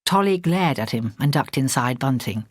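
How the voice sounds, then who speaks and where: A woman narrating a story in a measured storytelling voice, close to a studio mic. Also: rumbling low, expressive, breathy edge, no echo. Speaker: audiobook narrator. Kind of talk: scripted narration.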